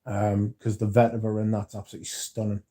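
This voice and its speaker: A man's voice: on the low side, completely flat delivery, fast, mellow. A man hosting a casual livestream, reading viewer comments aloud and swearing freely as he chats. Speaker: livestream host reading chat. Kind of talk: casual livestream chat about perfume.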